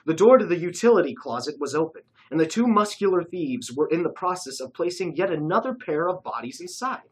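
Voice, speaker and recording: A narrator reading a comic caper story aloud, expressive and lively. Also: medium pitch, fairly quick, few pauses, breathy edge, rough recording.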